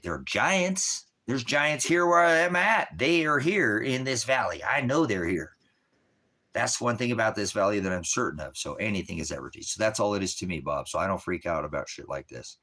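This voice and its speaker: A man's voice: low-pitched, a bit bright. A man who leads a ministry, talking to viewers in a casual livestream, rambling, profane and emphatic. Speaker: ministry leader.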